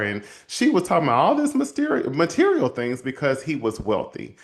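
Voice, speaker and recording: Animated storytelling man, folksy host. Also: on the high side, brisk, few pauses. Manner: animated, addresses listeners as y'all, acts out quotes. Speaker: host and counselor. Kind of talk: casual storytelling monologue.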